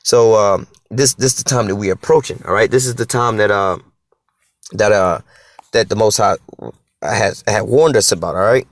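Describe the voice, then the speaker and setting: A man's voice: fairly low pitch, normal speed, no echo. A man preaching informally on scripture in an emphatic, profane street style, checking in with "all right?" and "you know?".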